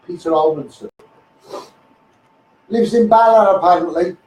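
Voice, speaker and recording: Rambling high-voiced Liverpool man ranting. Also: unhurried, a little mellow. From England. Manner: rambling, blunt, keeps saying "mate" and "you know what I mean". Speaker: livestreamer. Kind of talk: ranting live-stream monologue. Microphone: phone livestream. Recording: roomy, distant phone livestream with faint noise.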